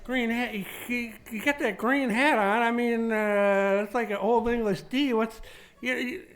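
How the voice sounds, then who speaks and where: Hoarse, chatty male talking pony, put on by a man; high, stammering, nosy. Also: steady tone, a bit bright. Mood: puzzled. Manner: stammering, rapid questions.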